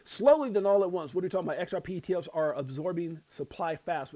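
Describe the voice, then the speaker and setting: Husky-voiced middle-aged man hosting a stream. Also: fairly high pitch, mellow. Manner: rambling, reads posts aloud, frequent chuckles. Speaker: crypto livestream host. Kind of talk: casual livestream commentary.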